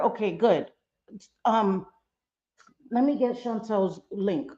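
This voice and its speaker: A woman hosting a livestream who rants in anger and circles back to the same phrases again and again. Her voice is mellow and dark, and the sound is dull and lo-fi. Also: medium pitch, slow pace. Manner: angry, ranting, repeats herself. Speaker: livestream host. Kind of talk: casual livestream commentary.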